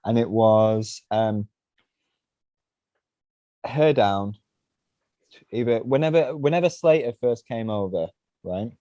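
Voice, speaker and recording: Interviewed on a podcast, a mountainboarder tells long, rambling stories in casual fashion, leaning on "you know" and "right?". He speaks slowly with long pauses in a dark, medium-pitched voice, and the recording is muffled but free of echo.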